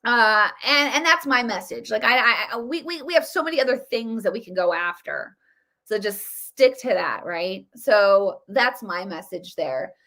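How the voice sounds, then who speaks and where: A woman's voice: on the high side, animated, moderate pace, bright, forceful tone. A woman giving casual political commentary, emphatic and repeating her points. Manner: emphatic, repetitive.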